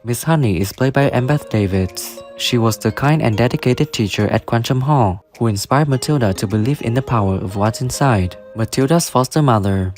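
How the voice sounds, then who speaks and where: A man narrating a video in a flat, list-like scripted read. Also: mid-range voice, moderate pace, few pauses, faint music behind. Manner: flat, list-like reading of names and ages. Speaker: narrator of a cast then-and-now video.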